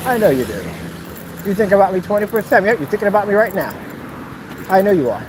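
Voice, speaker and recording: Talking casually while walking outdoors, a male vlogger teases and mocks in a playful way. His voice is high-pitched, sing-song and fast, with traffic noise audible in the background.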